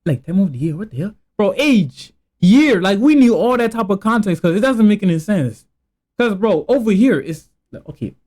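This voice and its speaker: Young dude from africa reacting to a video, lots of bro and like, voice swoops up and down, kinda warm tone. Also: male voice, high voice, animated, normal speed. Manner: slangy, rambling, lots of "bro" and "like". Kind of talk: casual reaction commentary.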